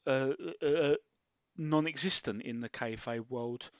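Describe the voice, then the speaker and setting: A man's voice: medium pitch, measured pace, fairly bright tone, no echo. Man, podcast co-host, reflective, tag questions, dry close sound, slightly dull. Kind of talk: casual watchalong chat.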